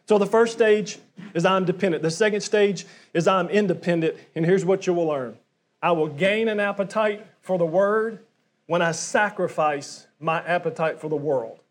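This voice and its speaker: A middle-aged man preaching a sermon to his congregation in a conversational way, often asking them questions. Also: high voice. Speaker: pastor.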